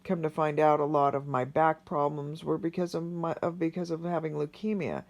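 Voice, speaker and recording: A man in his forties telling his own story in a personal vlog, earnest and halting, speaking with emotion. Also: a little high, level tone. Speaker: vlogger sharing a personal story.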